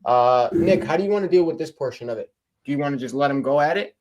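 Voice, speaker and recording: Calm male debate moderator. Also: on the high side, fast, rough recording. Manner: calm, even-handed, rallying the debaters.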